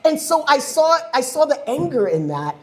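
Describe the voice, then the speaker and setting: A woman speaks on a panel at a community gathering, sweeping her pitch up and down as she tells a story and acts out the voices in it. Her talk comes across as impassioned and often laughing. The sound carries the echo of a large room. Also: big pitch swings, moderate pace, background noise. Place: community event hall.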